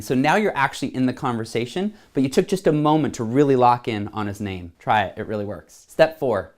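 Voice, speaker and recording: A man hosting a self-help video, talking energetically and acting out little scenes. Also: a little high. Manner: animated, acts out little scenes. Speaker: host.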